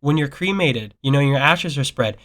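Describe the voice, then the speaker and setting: A man's voice: mid-range voice, lively intonation, moderate pace, fairly bright tone. A young man in a casual family chat, rambling dreamily with lots of likes and you-knows. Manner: dreamy, rambling and philosophical, many fillers.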